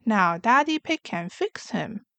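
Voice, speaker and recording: A woman reading as a calm, caring mother pig. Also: mid-range voice, slow pace, dry recording, full character voice. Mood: soothing.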